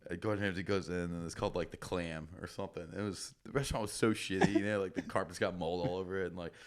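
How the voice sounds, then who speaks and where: A man's voice: sits low, fairly even intonation, quick pace. A man co-hosting a podcast, chatting casually and telling rambling stories, swearing often. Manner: rambling storyteller, swears a lot. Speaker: podcast co-host. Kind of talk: casual chat.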